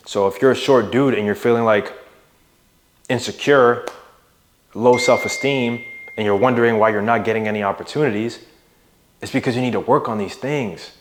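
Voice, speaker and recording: A young adult man coaching viewers in a motivational monologue, casual and emphatic, pushing his voice up and down to stress words and checking in with "right?". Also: slight background noise. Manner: emphatic, varies loudness and pitch for emphasis, casual with "bro" and "right?". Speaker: mindset and fitness coach.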